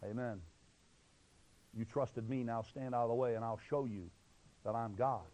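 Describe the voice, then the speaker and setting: A preacher doing God, deep and soothing. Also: male voice, fairly quick, lightly acted. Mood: assured. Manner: soft, low and comforting. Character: God, calm reassuring male deity.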